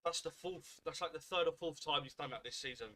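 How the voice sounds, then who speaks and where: A young Englishman commentates a football match live for his viewers, swearing constantly and fuming at every missed chance. His voice sits high and sounds bright and sharp. He calls the play in a seething mutter. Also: a little fast. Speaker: football fan streamer.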